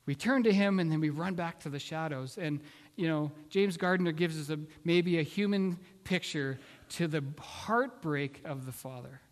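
A man preaching a sermon, telling a story in an earnest, halting way with many restarts. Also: a little high, in a large hall. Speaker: pastor.

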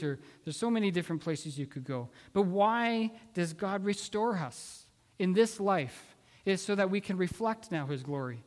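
A man preaching a sermon, telling a story in an earnest, halting way with many restarts. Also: a little high, long reverb tail. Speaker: pastor.

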